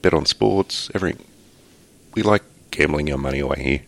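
A man's voice: extremely low pitch, a little fast, creaky, a bit bright. An Australian man co-hosting a podcast, chatting in a laid-back, rambling way with lots of ums. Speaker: podcast co-host. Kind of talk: casual chat.

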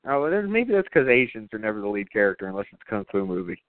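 Profane excitable man on a tinny line. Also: lowish voice, fast talker, no room sound. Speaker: podcast co-host. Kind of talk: casual horror movie chat.

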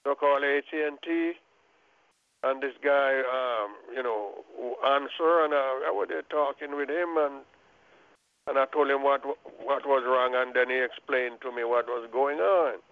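A Jamaican man calls in to share his testimony, speaking earnestly and often restarting his sentences. His voice comes through a narrow phone line with a gravelly edge. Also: medium pitch, steady tone, moderate pace, no echo. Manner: earnest storytelling with many restarts. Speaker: caller sharing a testimony. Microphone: telephone.

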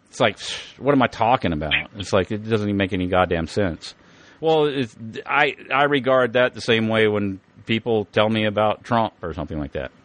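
A man's voice: on the low side, brisk. A middle-aged man talking in a rambling, profane podcast monologue, often stammering and repeating words. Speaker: podcast host. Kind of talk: casual monologue.

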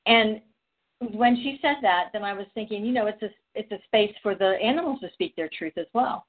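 A woman's voice: mid-range voice, brisk. A woman telling a long, rambling story in casual conversation, with frequent restarts and quoted dialogue. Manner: chatty, rambling, many restarts. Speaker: podcast guest. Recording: phone-like audio.

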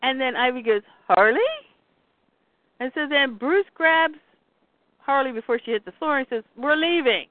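A woman's voice: high-pitched, a little fast, no echo. A woman hosting a podcast, casually retelling a comic story and acting out the characters' lines. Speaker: podcast host. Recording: dry, tinny phone-like line.

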